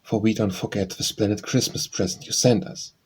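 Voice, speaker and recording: Storybook role: man voicing a quick, frank teen girl, husky low tone. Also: fairly even intonation, a little mellow. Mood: eager. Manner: quick, eager delivery. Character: outspoken, eager teenage girl.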